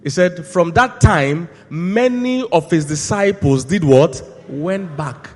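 A male pastor preaching a sermon, asking the congregation to finish his lines and swinging from quiet asides to loud shouted peaks. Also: fairly high pitch, expressive, slow pace. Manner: call-and-response questions to the congregation. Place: church hall. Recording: long hall reverb.

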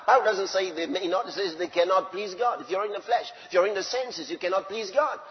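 A man preaching a sermon, emphatic, swinging between loud declarations and low asides. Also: fairly quick, in a large hall, lo-fi sound.

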